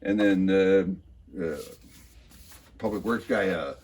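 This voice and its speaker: Husky man giving a wry meeting recap. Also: low voice, slow, darkish tone. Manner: mocking and wry, hesitant with many filler sounds. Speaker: local political commentator. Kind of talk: sarcastic recap of a city council meeting.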